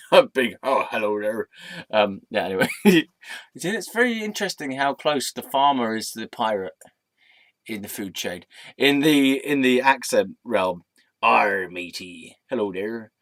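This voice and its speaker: A man's voice: medium pitch, big pitch swings, a little slow, fairly bright tone, dry recording, studio quality. A young man telling rambling, silly stories to his camera, giggling often and slipping into put-on voices. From England. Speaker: vlogger. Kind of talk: rambling casual vlog storytelling.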